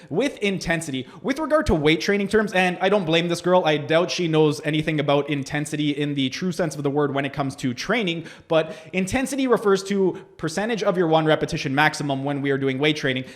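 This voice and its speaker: Sarcastic, high-voiced male fitness coach. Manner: sarcastic, lecturing, explaining definitions. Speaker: holistic health coach. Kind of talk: critical video review commentary.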